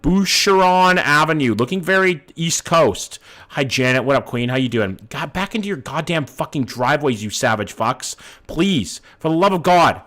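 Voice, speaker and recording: A man's voice: on the high side, lively intonation, normal speed, a bit bright. A man in his thirties, a streamer from Vancouver, swearing casually as he chats with viewers while guessing locations. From Vancouver, Canada. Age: 30s. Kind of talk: live-stream commentary, reading chat.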